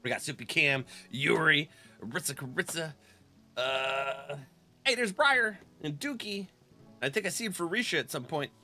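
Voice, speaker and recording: A man chatting casually with viewers while streaming a game, laughing often and clearing his throat. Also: on the high side, lively intonation, normal speed, pushed and bright, faint music behind. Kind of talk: casual live-stream chat.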